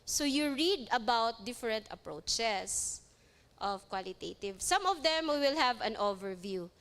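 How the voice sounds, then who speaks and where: A woman lecturer with a Cebuano Filipino accent giving an animated live seminar lecture, switching between English and Cebuano and joking with the audience. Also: fairly high pitch, unhurried.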